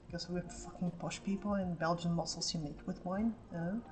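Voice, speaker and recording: Woman, casual stream co-host, lively storytelling, swearing, faint background noise. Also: mid-range voice, fast, hardly any pauses. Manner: animated storytelling, swears freely.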